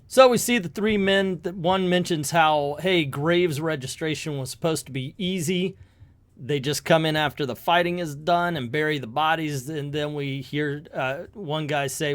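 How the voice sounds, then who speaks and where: A man's voice: a little high, moderate pace. A man reviewing a comic book in casual commentary, hesitant and rambling, with many fillers.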